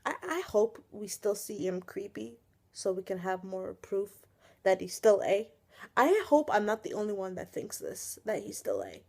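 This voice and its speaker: Reviewing a TV episode on her casual vlog, this young woman speaks in a mellow mid-range voice at a moderate pace, with big swings in pitch. She's ranting, angry and fed up, with frequent sighs and plenty of swearing, all picked up by a webcam or built-in camera mic.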